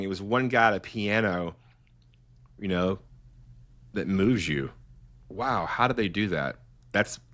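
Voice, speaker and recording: A middle-aged man with a fairly low voice talks as a guest in a relaxed interview. He is eager and rambling, and he often stops and restarts his sentences as he goes. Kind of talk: casual interview conversation.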